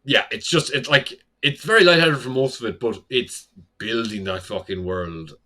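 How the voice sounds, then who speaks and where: Young guy on a podcast, a bit tipsy, rambling on with loads of "like", bright forceful voice. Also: mid-range voice, normal speed. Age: young adult. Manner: rambling recap full of "like" and swearing. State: slightly tipsy. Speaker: podcast co-host. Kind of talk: casual chat.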